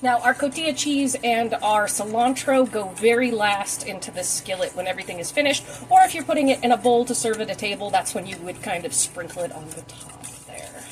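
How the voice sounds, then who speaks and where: A woman's voice: medium pitch, a little fast, few pauses, slight background noise, poor audio. A woman giving a casual, chatty cooking demonstration in her home kitchen, talking while she works. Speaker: cooking vlogger.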